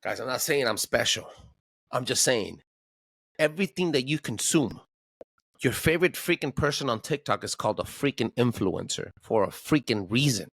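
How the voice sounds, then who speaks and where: Brief: slangy, preachy male guest, mid pitch, dry close sound. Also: animated, moderate pace, creaky, a bit bright, slightly rough, no echo. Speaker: podcast guest. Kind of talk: casual chat.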